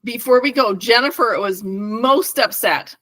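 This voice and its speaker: Bright-voiced chatty middle-aged woman. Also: a little high, measured pace. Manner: rambling storyteller, laughs often. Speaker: podcast co-host. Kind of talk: casual chat.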